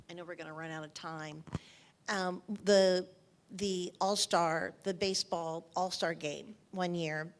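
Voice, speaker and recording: Older woman telling emotional stories. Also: fairly low pitch. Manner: anecdotal, emotional, repeats phrases. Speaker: interviewed author. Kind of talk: onstage interview storytelling.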